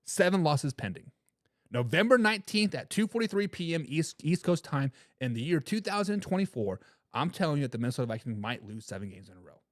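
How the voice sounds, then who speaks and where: Brisk and very animated, a man with a fairly high voice hosts a sports talk show. He rants through the live chat comments, mocking and trash-talking fans and repeating words when fired up. The sound is dry and studio-clean.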